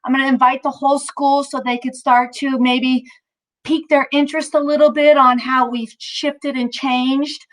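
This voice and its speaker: A fairly high-voiced woman guides a mindfulness class in loose, upbeat chatter. She fills her talk with ums and restarts and sounds a little out of breath at times. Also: little pitch movement, normal speed, fairly bright tone. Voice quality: chatty, upbeat, self-interrupting with many fillers. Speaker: mindfulness instructor. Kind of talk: casual guided mindfulness session.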